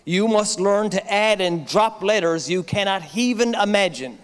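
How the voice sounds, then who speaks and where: Male Newfoundland comic hosting live on stage, high-pitched, chatty, big hall echo. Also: a little slow, a bit bright, smooth. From Newfoundland, Canada. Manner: chatty, keeps tagging lines with "right?". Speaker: comedian host of an awards show. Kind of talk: stand-up comedy monologue. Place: large armoury hall at a live event.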